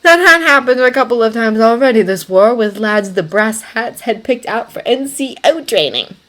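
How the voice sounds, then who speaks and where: A woman reading fanfiction aloud as audiobook narration, even and unhurried. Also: fairly high pitch. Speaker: fanfiction reader.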